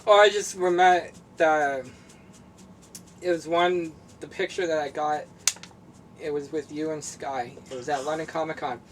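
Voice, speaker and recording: A man as a guest in a casual interview at his home, giving quiet, brief answers, recorded from a distance. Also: a little high, fairly even intonation, normal speed, a little hiss or hum. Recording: distant mic, faint room ambience.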